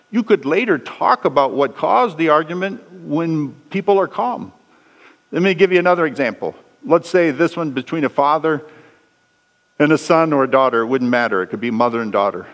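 A man preaching a sermon, telling stories and acting out the lines of the people in them, his pitch swinging high and low. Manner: storytelling with acted dialogue, pitch swinging up and down. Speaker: pastor. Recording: long echo of a large hall.

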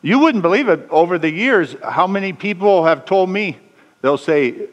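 A man preaching a sermon, telling stories and acting out the lines of the people in them, his pitch swinging high and low. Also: animated, moderate pace. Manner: storytelling with acted dialogue, pitch swinging up and down. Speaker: pastor. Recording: long echo of a large hall.

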